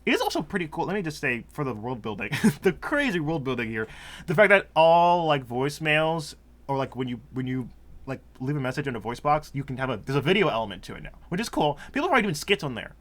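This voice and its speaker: Narrating his gameplay in a fairly high, sing-song voice, this let's play commentator wanders from topic to topic, cracks jokes, and laughs readily.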